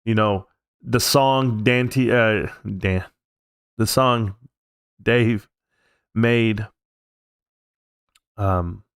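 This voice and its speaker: A man's voice: on the low side, fairly even intonation, extremely slow, pauses often, a bit bright, clean tone, dry recording, studio quality. A man hosting a casual live stream from home, talking in a rambling, heartfelt, reflective way. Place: at home, alone.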